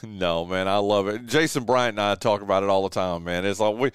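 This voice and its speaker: A man's voice: on the low side, brisk, clean tone, dry recording, studio quality. A man hosting a casual radio chat show, laid-back and calling his guest "dude" often.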